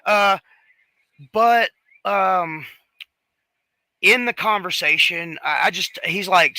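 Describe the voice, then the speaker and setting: A man chats casually, telling a long and animated story full of restarts and fillers. His voice has a very bright, forward tone and sits slightly higher than most. The sound is dry and close, with no room echo. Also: slow, long pauses. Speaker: podcast co-host.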